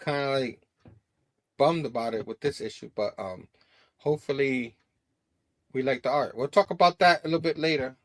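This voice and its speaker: A man's voice: medium pitch, normal speed, pauses often, no room sound. A man co-hosting a casual comic book chat, talking loosely with lots of fillers. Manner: loose and chatty, full of fillers. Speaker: co-host.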